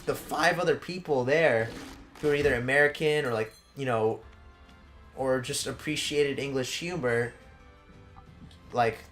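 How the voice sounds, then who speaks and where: A man's voice: medium pitch, a little slow, pauses often, fairly bright tone, faint music behind. Young male let's play host, casual and rambling, close mic. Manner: rambling, filler-heavy storytelling. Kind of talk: casual gaming chat. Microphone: close desk mic.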